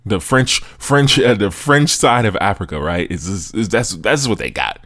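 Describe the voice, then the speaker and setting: Young man, american, deep voice, dry close sound, laid-back sports podcast talk, slangy. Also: normal speed, no echo. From United States. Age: young adult. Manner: animated, laughing, slangy asides. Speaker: podcast host. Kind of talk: casual sports commentary.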